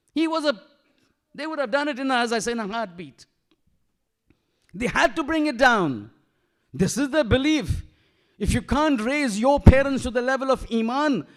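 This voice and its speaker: A shaykh preaches in a mosque with a strikingly high-pitched male voice. He presses his points with rhetorical questions and drops in Arabic terms and verses as he goes. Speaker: shaykh giving a majlis lecture. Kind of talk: sermon.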